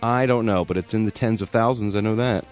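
A man's voice: lowish voice, fast, a little mellow, faint music behind. A man hosting a radio show, reading entertainment news in wry, joking casual banter with frequent laughs.

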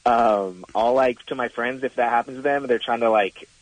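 A man's voice: medium pitch, normal speed, no room sound, poor audio. A man calling in to a radio show who talks casually with filler words. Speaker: caller. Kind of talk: call-in phone chat.

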